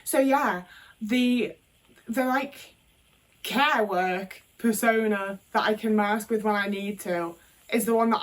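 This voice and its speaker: Frank, sweary British woman, slightly distant mic. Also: medium pitch. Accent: British English. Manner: frank, sweary, rambling with many fillers. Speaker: vlogger. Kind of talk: candid casual monologue. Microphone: phone camera.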